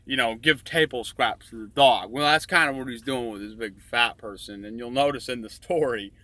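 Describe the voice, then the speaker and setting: A man's voice: medium pitch, normal speed, sharp tone, dry recording. A man presenting his own illustrated story in crude, rambling comic commentary, swearing constantly. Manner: rambling and profane, many fillers.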